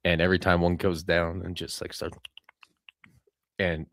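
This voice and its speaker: A man's voice: sits low, level tone, normal speed, a bit bright, no echo, studio quality. A man co-hosting a casual podcast, talking loosely and swearing freely. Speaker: podcast co-host. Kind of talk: casual chat.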